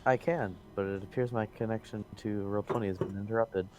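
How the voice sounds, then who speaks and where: A man's voice: fairly low pitch, steady tone, fairly quick, a little mellow, a little hiss or hum. A man playing in an online tabletop game, wry and careful, repeating details back to check them. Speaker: player. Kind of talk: casual tabletop play over voice chat.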